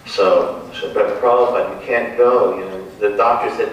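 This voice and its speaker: A man's voice: medium pitch, fairly even intonation, moderate pace, a little hiss or hum. Man reminiscing in an echoey room. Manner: storytelling, acts out quoted lines, chuckles. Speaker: devotee speaker. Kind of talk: reminiscing talk. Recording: echoey room, distant mic.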